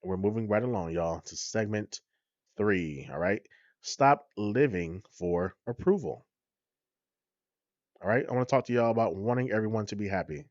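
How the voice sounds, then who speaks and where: A man's voice: lowish voice, moderate pace, a little mellow, dry recording, lo-fi sound. A man hosting a motivational podcast, talking straight to his listeners, preachy and repetitive, calling them "y'all". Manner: preachy, repeats points, addresses listeners as "y'all". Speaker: podcast host.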